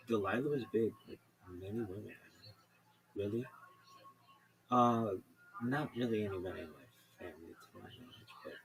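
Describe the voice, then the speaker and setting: A man's voice: low voice, a little hiss or hum, low-quality recording. A man telling offhand stories in a casual, rambling way, now and then swearing.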